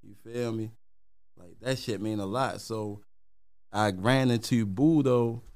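A man's voice: lowish voice, takes it slowly, a little mellow. Baltimore man, rapper guest, slangy storyteller who acts out quotes. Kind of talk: casual storytelling.

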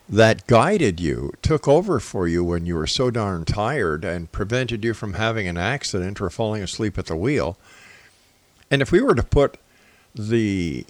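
A man hosting a talk show interview, measured as he lays out his theories at length. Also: lowish voice, a bit bright, no echo.

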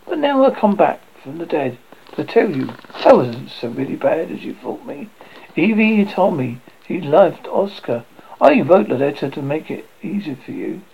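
A man's voice: on the high side, sing-song, normal speed, creaky, dull audio, slight background noise. A man voicing the faint, weary ghost of a dead young wife, speaking in a hollow, pleading tone. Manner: pleading, tender.

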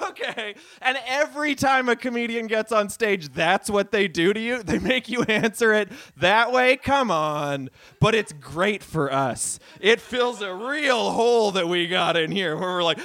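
A man doing a stand-up set on a stage mic, ranting animatedly with swearing and shouted bits. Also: sits high, animated, normal speed, hardly any pauses. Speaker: stand-up comic. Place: live comedy venue.

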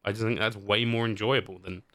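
A man hosting a podcast in casual chat, animated, laughing often and swearing casually as he talks about games. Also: fairly low pitch, fairly quick, no echo, clean studio sound. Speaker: podcast host.

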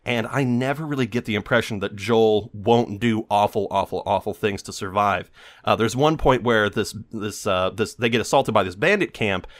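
A man's voice: on the low side, normal speed. A man hosting a podcast, giving a rambling, sarcastic critique with lots of fillers. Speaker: podcast host. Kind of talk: casual critique monologue.

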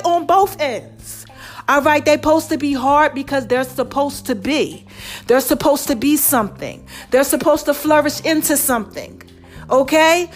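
High-voiced woman podcast host, preachy. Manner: lively, preachy, calls listeners baby and y'all. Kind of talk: casual motivational talk.

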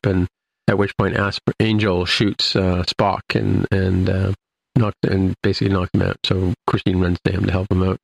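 A man's voice: sits low, flat delivery, normal speed, creaky. A man casually recapping an episode, rambling with many fillers and restarts. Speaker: podcast host recapping an episode. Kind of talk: casual chat.

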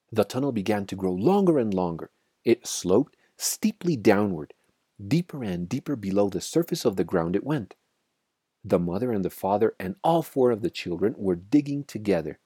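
A man reading a children's story aloud with expressive, dramatic storytelling. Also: lowish voice, normal speed, slightly rough, no room sound, clean studio sound. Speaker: narrator.

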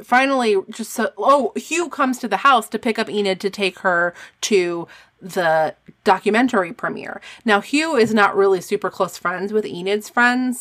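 A woman's voice: mid-range voice, fairly bright tone. A woman co-hosting a podcast, chatting casually as she recaps the plot of a book. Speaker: podcast co-host.

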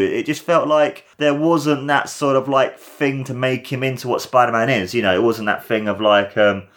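A man's voice: mid-range voice, steady tone, moderate pace, few pauses, fairly bright tone. A man hosting a podcast, giving a casual, enthusiastic and rambling film review with a lot of repeated words. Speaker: podcast host.

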